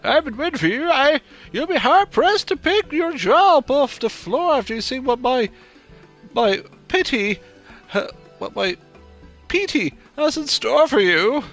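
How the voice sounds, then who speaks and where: A man's voice: very high-pitched, sing-song, a little slow, fairly bright tone, soft background music, full character voice. A man voicing an old, grey-haired male showman, reading game dialogue aloud in a raised put-on old-man voice. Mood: proud.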